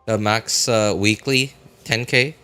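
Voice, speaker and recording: A man's voice: on the low side, fairly even intonation, takes it slowly, pushed and bright, smooth, faint music behind. A young man chatting casually with viewers while streaming a game, rambling with lots of fillers. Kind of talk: casual live-stream chat.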